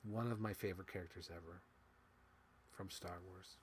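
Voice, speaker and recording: A young toy unboxing vlogger talks to camera about his childhood toys with excitement, lurching between loud squeals and quiet mumbles and swearing casually. His voice is low-pitched at normal speed, with a little hiss or hum in the background.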